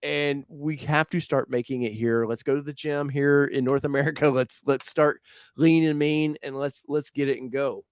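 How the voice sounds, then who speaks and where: A man's voice: mid-range voice, fairly even intonation, normal speed, smooth, dry recording, studio quality. Man rambling in a casual live chat. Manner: rambling, self-correcting, jokey. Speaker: co-host of a car livestream.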